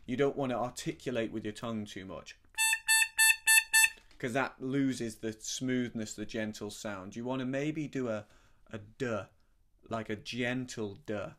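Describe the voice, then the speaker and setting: A man in middle age teaches harmonica, talking through the notes in an easy, gentle manner. His voice sits at an ordinary middle pitch. Now and then he hums short syllables to show the sound he means. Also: measured pace. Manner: gentle, explanatory, demonstrates by humming syllables. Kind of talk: relaxed spoken music lesson.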